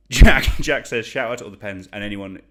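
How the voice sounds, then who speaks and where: Deep-voiced young man hosting a quiz. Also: normal speed. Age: young adult. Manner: chatty, self-deprecating, reads shout-outs. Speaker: online quiz host. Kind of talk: casual quiz hosting livestream.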